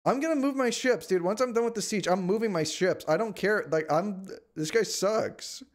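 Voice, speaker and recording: A man's voice: sits high, normal speed. Exasperated, whiny male game streamer. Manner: whiny, exasperated outbursts and repeated complaints; shouts at the screen. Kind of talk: live gameplay commentary.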